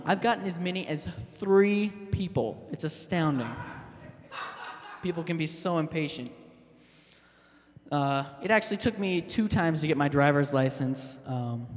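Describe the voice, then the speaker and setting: A man doing a stand-up set, halting and deadpan, with fillers and restarts. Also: on the high side. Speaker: stand-up comedian. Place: public access TV studio stage. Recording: long hall reverb.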